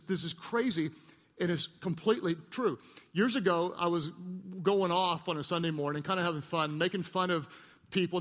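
A middle-aged male pastor preaching a sermon, an animated storyteller who acts out voices and pokes fun at himself. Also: sits high, long reverb tail.

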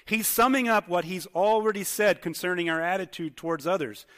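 Pastor preaching with a slightly high voice. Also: male voice, a little fast, fairly bright tone. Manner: conversational, asks the congregation many questions. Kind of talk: sermon. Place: church hall with congregation. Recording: long hall reverb.

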